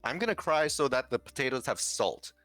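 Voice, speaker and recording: A man's voice: medium pitch, big pitch swings, brisk, a bit bright, faint music behind. A male guest in a casual chat, sarcastic and given to exaggerated, mock-outraged complaining. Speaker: guest streamer.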